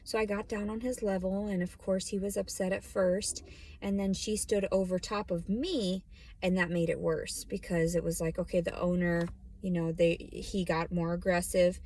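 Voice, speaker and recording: A woman's voice: fairly low pitch, flat delivery, normal speed, darkish tone, dry recording. A woman vlogging from her parked car, talking bluntly and rambling, with plenty of swearing. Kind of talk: casual vlog monologue. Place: parked car in a store lot.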